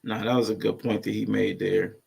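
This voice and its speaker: A man's voice: on the low side, little pitch movement, fairly quick, creaky, darkish tone, breathy edge. A man hosting casual reaction commentary, blunt and conversational. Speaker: host.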